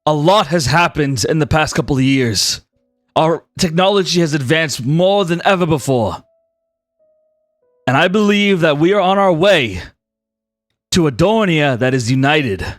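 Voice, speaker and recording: Stern commanding president at a podium, measured and firm, dry close sound, as a game master puts him on. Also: male voice, fairly high pitch, animated, no echo, faint music behind. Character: stern male president giving a speech.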